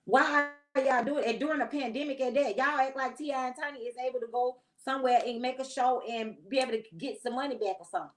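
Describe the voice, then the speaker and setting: A woman's voice: sits high, fast talker, hardly any pauses, poor audio. Chatty, opinionated woman. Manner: chatty, opinionated, slangy, direct address. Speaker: host. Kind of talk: casual commentary vlog.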